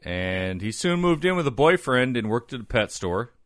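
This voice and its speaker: A man hosting a casual comedy podcast, telling a story in an animated way, swearing and laughing often. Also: mid-range voice, moderate pace, no room sound, studio quality.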